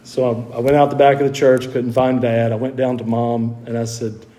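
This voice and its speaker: A man's voice: medium pitch, little pitch movement, normal speed, mellow. A middle-aged male pastor telling his own conversion story in a sermon, folksy and earnest, sometimes repeating words as he presses a point.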